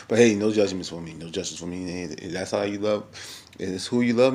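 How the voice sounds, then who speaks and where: A man's voice: deep voice, brisk, a little mellow, a little hiss or hum. A young man giving a casual, chatty recap of a reality show episode, full of fillers and acted-out quotes.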